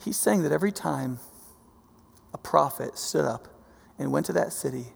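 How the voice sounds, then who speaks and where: A man preaching a sermon, animated, swinging from soft to loud and often repeating himself. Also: on the high side, normal speed. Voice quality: gravelly. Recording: long hall reverb.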